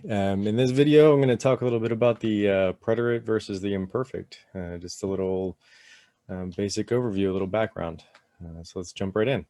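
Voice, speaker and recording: Low-voiced man teaching, says "right?" a lot. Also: brisk, no echo. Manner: relaxed, many fillers and "right?" tags. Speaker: Spanish teacher. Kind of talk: casual explanatory lesson.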